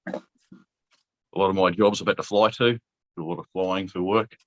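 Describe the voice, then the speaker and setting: A man's voice: low voice, fairly even intonation, normal speed, highs cut off, background noise. A middle-aged Australian man hosting a casual video chat, easygoing and chuckling. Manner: easygoing, laid-back, chuckling. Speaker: host.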